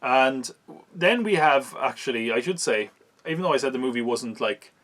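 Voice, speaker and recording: A man's voice: medium pitch, animated, moderate pace, a bit bright. A man, hosting a podcast and recapping a film in casual, wry chat, laughing at it as he goes. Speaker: podcast host reviewing a film.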